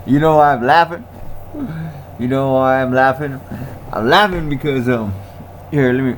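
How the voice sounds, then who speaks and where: A man's voice: medium pitch, a little slow, long pauses, slight background noise. A man in a casual ranting monologue who repeats himself, laughs often and talks in slang. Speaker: vlogger.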